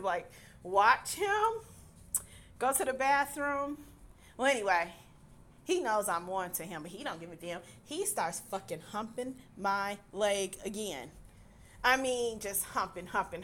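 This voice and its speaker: A woman's voice: on the high side, bright, forceful tone, slight background noise. A young adult woman casually telling a personal story, exasperated, swearing freely and laughing as she goes.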